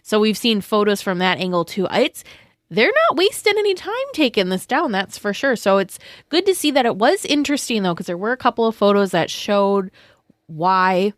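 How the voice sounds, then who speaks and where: A woman's voice: medium pitch, big pitch swings, normal speed, no room sound, clean studio sound. A woman co-hosting a podcast, reading news items and chatting casually, often hesitant and trailing off. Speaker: podcast co-host.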